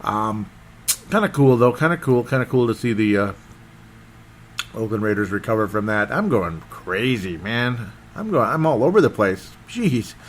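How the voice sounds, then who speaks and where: Rambling, excitable football podcast man. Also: on the low side, moderate pace, a little hiss or hum. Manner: rambling, excitable, loses his train of thought. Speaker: sports podcast host. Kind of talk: casual football recap.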